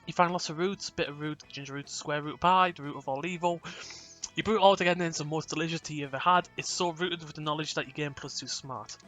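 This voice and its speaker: A man's voice: on the high side, fast, fairly bright tone, faint music behind. A man reading a text game aloud in a playful, casual way, often laughing and tripping over words.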